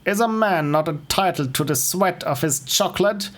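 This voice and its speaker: A man's voice: high-pitched, normal speed, slight background noise, pitched above the performer's own voice, close to an everyday voice. A man with a German accent putting on a grandiose male tycoon giving a defiant speech, declaiming.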